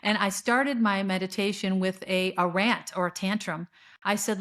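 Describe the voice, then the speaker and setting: A woman's voice: medium pitch, fairly even intonation, moderate pace, a bit bright. Earnest rambling woman podcaster. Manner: earnest, rambling, with frequent fillers and restarts. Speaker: podcast host. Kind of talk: spiritual monologue.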